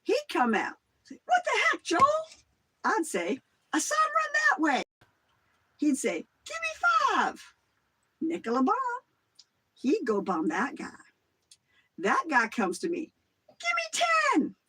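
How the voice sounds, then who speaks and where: A livestreamer putting on a voice for an excitable young man recalling college pranks. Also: very high voice, takes it slowly, pauses often, noisy background, pitched above the performer's own voice, heavily acted. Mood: gleeful.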